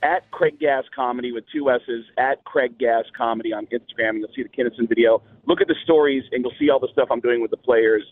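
A man's voice: mid-range voice, fairly quick, hardly any pauses, dry recording. Middle-aged male comedian guest, chatty and rambling, heard over a tinny phone. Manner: rambling storyteller, many fillers. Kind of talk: casual radio phone chat.

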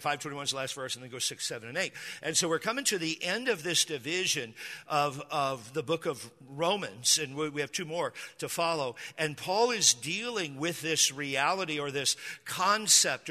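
A man's voice: a little high, pushed and bright. A man in his thirties, a pastor preaching a sermon, telling stories casually with humor and frequent restarts. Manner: conversational storytelling with humor and repeated restarts. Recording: echoey hall with long reverb.

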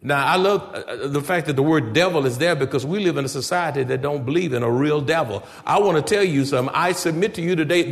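Talking fast with few pauses, this pastor has a fairly high voice edged with vocal fry. His emphatic sermon fills an echoey church sanctuary as he speaks straight to the congregation, hurling one rhetorical question after another.

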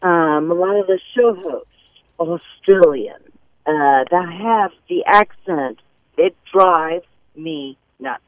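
A woman's voice: fairly low pitch, slow, no echo. Hesitant woman caller on a tinny phone line. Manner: hesitant, rambling with many fillers. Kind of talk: call-in radio complaint.

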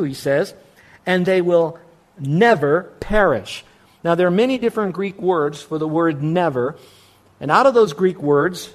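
A male pastor preaching with emphatic, repetitive stress on his points. His voice sits a little higher than most men's. He talks straight to the congregation. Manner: emphatic preaching with repeated phrases. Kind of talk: sermon.

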